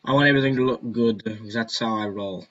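A man's voice: lowish voice, fast, a bit bright, muffled recording. A man giving casual gameplay commentary, rambling and joking to himself. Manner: rambling, jokey self-talk. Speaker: gaming video host.

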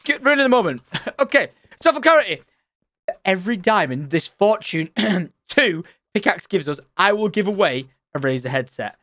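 A man commentating his Minecraft let's play, excitable and loud at surprises. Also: high-pitched, normal speed, no room sound. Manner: excitable, shouts and squeals at surprises. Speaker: gaming channel host.

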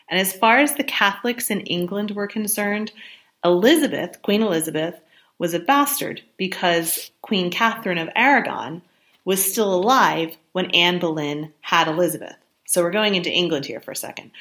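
A woman's voice: on the low side, a bit bright. A woman hosting a history podcast, telling the story in a chatty, sympathetic way with ums and self-corrections. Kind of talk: conversational history narration.

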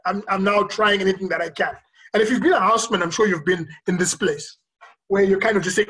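Physician speaker, earnest, reflective storyteller, pauses often. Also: medium pitch, fairly bright tone, low-quality recording. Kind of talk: virtual conference talk, personal storytelling. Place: remote recording for a virtual conference.

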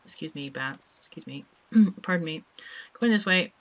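Low-voiced woman chatting over gameplay. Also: expressive, moderate pace. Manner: chatty, thinks aloud, small laughs. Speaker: let's play host. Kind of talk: casual gameplay commentary.

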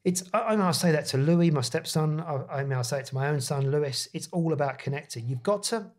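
A man's voice: on the high side, quick pace. A man hosting a podcast, talking in an emphatic, insistent way. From London. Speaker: podcast host and artist. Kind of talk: casual podcast chat.

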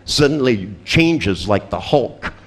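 Slow and lively in a mid-range voice, an older seminar speaker spins a crude, funny tale for his audience. He's a profane storyteller who keeps laughing and performs the other characters' dialogue himself.

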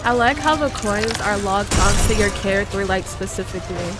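A woman's voice: mid-range voice, moderate pace. A woman giving chatty gameplay commentary, talking straight to her viewers with bursts of mock outrage. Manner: dramatic outbursts of mock outrage. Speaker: gaming YouTuber. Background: game music.

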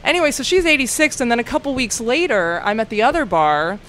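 A woman's voice: on the high side, sing-song, fast, fairly bright tone, slight background noise. A young woman, a comedian and bartender, telling a rambling story in casual podcast chat, full of "like" and swearing. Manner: rambling, heavy use of "like", swears freely.

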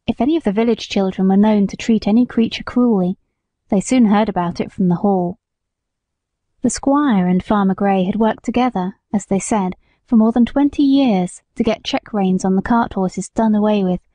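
A woman narrating a classic novel in a calm, measured storytelling manner. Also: mid-range voice, dry recording. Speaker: audiobook narrator. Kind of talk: scripted narration.

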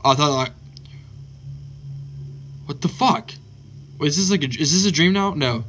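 A man hosting a let's play of a horror game, excitable and swearing constantly, yelping at scares. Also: on the high side, unhurried, a little hiss or hum. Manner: excitable, swears constantly, yelps when startled. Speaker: gaming channel host.

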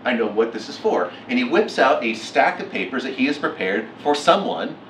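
A middle-aged man giving a keynote talk, telling a story with lively acted-out quotes. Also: medium pitch, normal speed, slight background noise. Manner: animated, acts out quotes with laughs. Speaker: keynote speaker. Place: lecture hall. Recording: echoey hall from far off.

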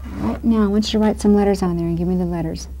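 A woman's voice: medium pitch, steady tone, rapid-fire, creaky, noisy background. A woman teacher patiently guiding a student through spelling words.

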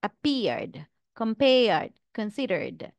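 Slow, careful woman pronunciation teacher. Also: fairly high pitch, very animated, creaky, no room sound. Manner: carefully enunciated word-by-word drilling. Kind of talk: slow, deliberate pronunciation drill.

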